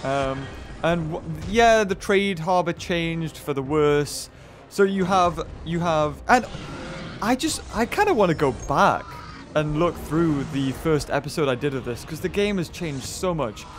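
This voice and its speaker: With faint music behind him, a gaming video host from northern England talks through a let's-play in a rambling, chatty way, full of fillers and restarts. His voice is a little high and expressive, and he speaks a little slowly.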